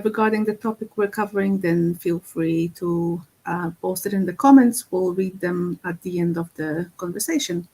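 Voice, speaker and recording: A woman's voice: medium pitch, low-quality recording. Female podcast host and spiritual healer, casual and hesitant, full of restarts. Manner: hesitant, many fillers and restarts.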